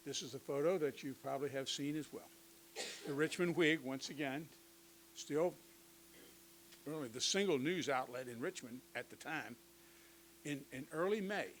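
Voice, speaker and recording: An older man giving a conversational history lecture to teachers, with lively asides and touches of humor. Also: mid-range voice, a little hiss or hum, poor audio. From United States.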